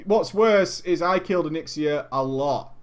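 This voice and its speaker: A man casually telling a story to a live chat, animated and profane, laughing often and switching between loud bursts and muttered asides. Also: fairly high pitch, normal speed. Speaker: streamer telling a gaming story.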